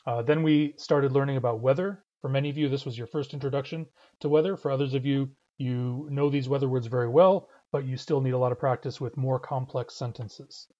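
A man's voice: medium pitch, fairly even intonation, fairly quick, mellow, lo-fi sound. A man teaching a language class, explaining words and sentences patiently and methodically. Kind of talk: online language lesson.

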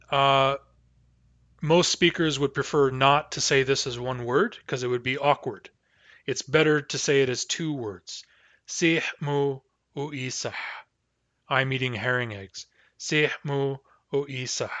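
A man's voice: mid-range voice, pushed and bright, no echo. Patient male language teacher, dry sound. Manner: patient, slows down to model example sentences; frequent hesitation fillers. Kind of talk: language lesson with student questions.

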